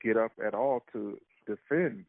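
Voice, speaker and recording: A man on a talk show panel giving measured, thoughtful opinions. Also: on the low side, no room sound. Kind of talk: casual talk show chat. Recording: tinny phone-like line.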